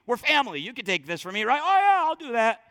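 A man voicing a scheming ancient king who sounds eager and foolish, in an excited, exaggerated way. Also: very high voice, quick pace, clean studio sound, pitched above the performer's own voice, heavily acted. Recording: long reverb in large hall.

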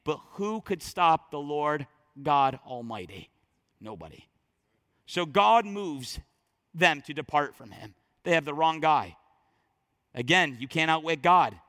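Preacher, male, high bright voice, dramatic storytelling, long reverb of a big hall. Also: animated, unhurried, long pauses. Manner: emphatic, storytelling, swings loud and soft. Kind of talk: sermon.

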